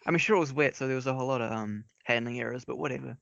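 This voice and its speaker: A man chats on a podcast, slipping in dry joking asides. His voice is gravelly and bright. The recording sounds dull and lo-fi. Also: medium pitch, very fast, no echo. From New Zealand. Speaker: podcast co-host. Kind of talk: casual podcast chat. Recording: dull lo-fi audio.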